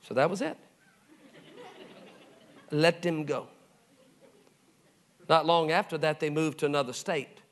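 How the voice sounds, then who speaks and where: A middle-aged male pastor preaching a sermon, telling stories and acting out the voices of the people in them, dropping soft and low for the tender moments. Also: unhurried, long pauses. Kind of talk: sermon storytelling.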